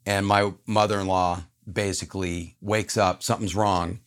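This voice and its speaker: Man, podcast guest, lowish voice, animated storytelling, acts out dialogue, earnest and reflective. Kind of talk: personal storytelling in a conversation.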